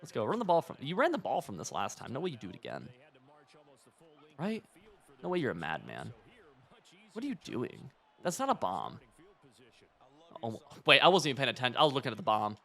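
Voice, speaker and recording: A young man streaming a football video game, chatting and reacting in casual gameplay commentary, swinging from muttering to yelling. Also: medium pitch, normal speed, pauses often. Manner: excitable, talks to himself and the opponent, jumps from mutters to yells.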